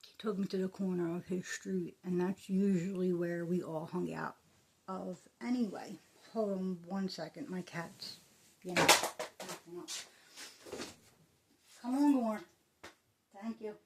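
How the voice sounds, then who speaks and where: A woman telling a personal story in a soft, halting, emotional way, often dropping into a breathy whisper. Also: fairly low pitch, steady tone, slight background noise. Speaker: vlogger.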